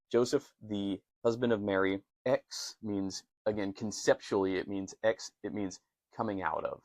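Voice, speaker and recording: A man's voice: on the low side, no room sound. A man hosting a casual language lesson, reading old Greek aloud and working out the translation while thinking aloud in an earnest way. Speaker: host teaching Koine Greek.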